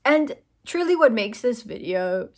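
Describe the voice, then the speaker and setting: A woman's voice: a little high, sing-song, unhurried. A woman hosting a book channel, narrating clips in a loose, chatty commentary with casual fillers.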